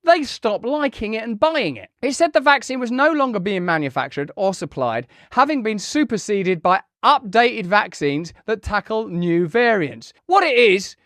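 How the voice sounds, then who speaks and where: A man's voice: high voice, lively intonation, normal speed, few pauses, a bit bright, dry recording. Sarcastic British man, dry close sound. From United Kingdom. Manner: sarcastic, mocking, emphatic repetition. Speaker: online show host. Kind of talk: news commentary to a live chat.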